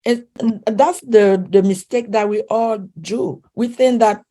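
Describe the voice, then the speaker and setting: Accented lady coach, kinda high voice, earnest, repeats stuff, hunts for words in an interview. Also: slow pace, dark tone. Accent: non-native English accent. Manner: earnest, emphatic, repeats phrases and searches for words. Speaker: relationship coach, guest. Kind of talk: interview conversation.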